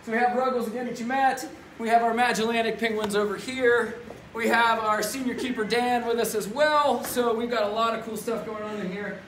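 With a very high, fairly bright and steady voice, a male zookeeper talks a little fast and cheerfully through a face mask. His casual educational live stream comes from an echoey indoor birdhouse housing penguins, captured on a distant mic with faint noise.

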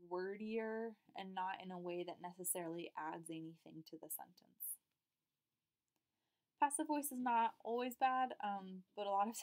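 A woman teaching a recorded slide lecture, explaining each point in a steady, patient way. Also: medium pitch.

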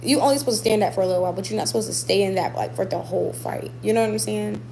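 A woman's voice: medium pitch, very fast, creaky, warm tone, slight background noise, poor audio. A woman boxer chatting casually with her viewers, emphatic and repeating points for stress. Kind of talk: casual livestream chat with viewers.

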